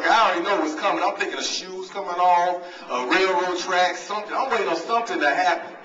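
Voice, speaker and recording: Telling stories directly to the banquet crowd, a coach and guest speaker gives a motivational talk laced with humor. His high-pitched voice is sharp and quick. The large hall echoes, and the faraway mic leaves the audio dull.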